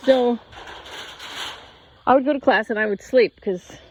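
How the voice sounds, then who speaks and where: A woman's voice: on the high side, measured pace. A woman in her fifties telling a personal story in a casual, rambling way, acting out the voices of people she quotes. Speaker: yoga channel host. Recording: slightly dull lo-fi audio with faint noise.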